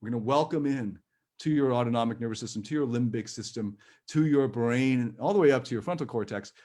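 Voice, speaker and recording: A man leads a live-streamed personal growth workshop at a fairly quick pace and medium pitch. He sounds gentle, reassuring and chatty, with light laughs.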